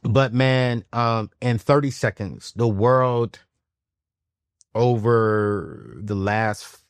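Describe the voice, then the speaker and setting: A man's voice: mid-range voice, drawn-out words, clean tone, dry recording. A man hosting a podcast interview, playful and teasing in casual talk. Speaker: podcast host.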